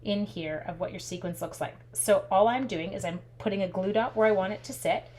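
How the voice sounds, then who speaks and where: This lively, talkative Canadian woman tells stories while demonstrating a craft in a casual tutorial, hands busy the whole time. She speaks fairly quickly in a mid-range voice, and a little background noise can be heard.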